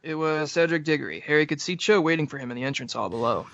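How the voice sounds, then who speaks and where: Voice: mid-range voice, quick pace, dull audio. A co-host of a book podcast, reading narration aloud from a novel and joking between passages. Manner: reads narration, jokey and excitable.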